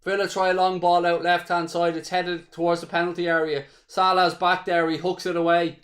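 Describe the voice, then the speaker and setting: Speaking a little fast, an Irish man delivers his lines flatly in a high-pitched, fairly bright voice. He hosts a live football watchalong, calling the match as a fan, swearing freely and chatting with his audience.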